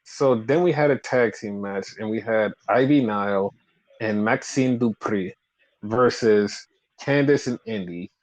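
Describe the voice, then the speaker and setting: A man's voice: on the low side, measured pace, darkish tone. A man co-hosting a casual chat, rambling with lots of fillers and acting out quotes. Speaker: podcast co-host. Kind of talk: casual chat recapping wrestling. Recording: slightly dull lo-fi audio.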